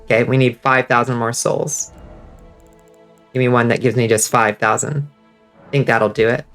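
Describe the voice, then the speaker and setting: A man with a congested, stuffy voice giving casual, excitable commentary while playing a game and reading chat. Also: mid-range voice, moderate pace, soft background music. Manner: excitable, swears freely, reads out chat. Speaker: streamer.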